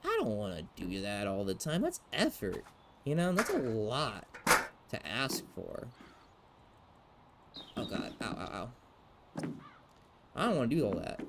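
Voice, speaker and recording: Rambling, swearing young male streamer, lively pitch. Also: unhurried, long pauses. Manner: rambling, profane, muttering to himself, sudden squeaky outbursts. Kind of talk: casual gameplay commentary. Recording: steady background hiss.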